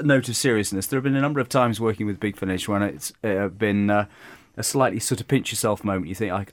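A man's voice: fairly low pitch, dry recording. An English man, a guest actor, chatting modestly and rambling with restarts. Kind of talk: casual chat.

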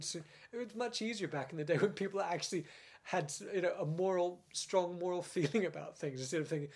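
An older British man, a former script editor, telling stories in a casual interview with lively laughs and frequent restarts. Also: high voice, a little fast, few pauses. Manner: animated storyteller, laughs often, many restarts.

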